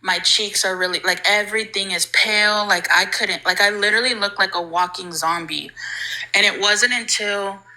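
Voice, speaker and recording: A woman's voice: mid-range voice, steady tone, normal speed, bright, forceful tone, poor audio. A young woman casually telling a ghost story on a livestream, chatty and full of "like", acting out the people she quotes.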